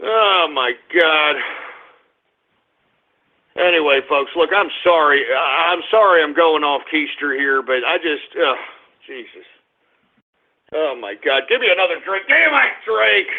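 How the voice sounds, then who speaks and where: Male talk radio host, high gravelly voice, angry cursing rant, phone-thin sound. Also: lively intonation, a little slow, long pauses. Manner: angry, cursing, swings between grumbling and shouting. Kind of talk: ranting internet radio talk. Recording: tinny phone-like radio stream.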